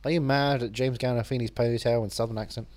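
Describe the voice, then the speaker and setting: A man co-hosting a relaxed film podcast. He talks fast and teases his friend with running gags, sudden outbursts and mock whispers. His pitch sits at a middling level. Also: dry recording. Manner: quick, silly, teasing, drops into mock whispers and bits. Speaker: podcast co-host. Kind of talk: joking casual chat about films.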